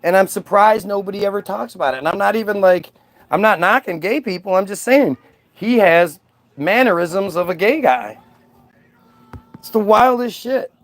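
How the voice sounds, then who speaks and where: A man's voice: high-pitched, lively intonation, normal speed, dry recording. A man delivering a casual, profane, sarcastic vlog rant in an exasperated manner. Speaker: vlogger. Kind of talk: casual ranting monologue.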